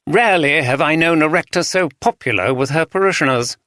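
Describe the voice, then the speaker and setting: A man's voice: a little high, fairly quick, bright, forceful tone, no echo, clean studio sound, pitched above the performer's own voice. A man voicing a thin, icy archdeacon who speaks very precisely in an English RP accent. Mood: grave. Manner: very precise, refined diction. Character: tall, thin, cold male archdeacon.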